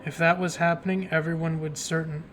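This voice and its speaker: A man's voice: fairly high pitch, little pitch movement, fairly quick, a bit bright, close to an everyday voice. A man reading as a prim older woman librarian, music behind. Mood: guarded. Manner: fussy, with a clipped "dearie". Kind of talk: reading game dialogue aloud. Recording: game music playing behind.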